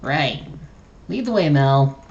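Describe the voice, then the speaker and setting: A woman's voice: deep voice, animated, slow, vocal fry, a little mellow, lo-fi sound, soft background music, heavily acted. A streamer reading an earnest young woman adventurer. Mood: resolved. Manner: read aloud with small slips and restarts. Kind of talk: reading game dialogue aloud.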